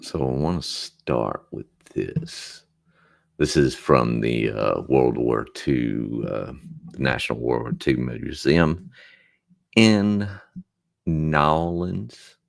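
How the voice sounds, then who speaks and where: A man with an extremely deep voice and a gravelly, creaky edge chats casually on a livestream from his room at home. He speaks slowly and sounds distracted and apologetic as he fiddles with his setup. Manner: distracted, apologetic, fixing his audio on air. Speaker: livestream host.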